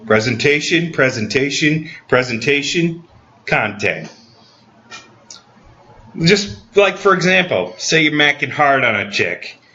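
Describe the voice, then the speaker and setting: A man's voice: on the high side, animated, slow, sharp tone. A man hosting a comedy podcast, delivering a dry, mock-serious comedic monologue. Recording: slightly dull lo-fi recording.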